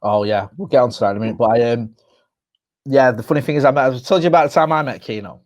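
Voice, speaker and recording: A young English man co-hosting a podcast, trading quick, teasing, sweary banter. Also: medium pitch, darkish tone. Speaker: podcast co-host. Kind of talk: casual chat.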